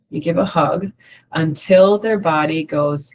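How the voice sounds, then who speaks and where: A woman with a low, grounded voice leads an emotional health group. She talks conversationally and explains things through everyday analogies, now and then acting out small scenes with other people. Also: unhurried, a little mellow. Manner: conversational, uses analogies and acted examples. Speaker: group facilitator.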